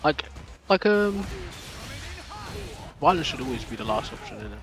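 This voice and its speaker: A man chats with his stream viewers in a loose, rambling way, restarting his sentences and filling gaps as he goes. His voice sits at an ordinary middle pitch, and soft music plays faintly behind him. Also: sing-song, normal speed. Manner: loose and chatty, many fillers and restarts. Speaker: live streamer. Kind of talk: casual chat with viewers.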